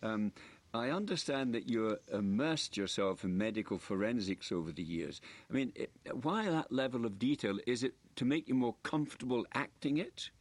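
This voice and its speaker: A man's voice: mid-range voice, lively intonation, moderate pace. An older man hosting a radio interview, asking long, probing, multi-part questions. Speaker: radio host.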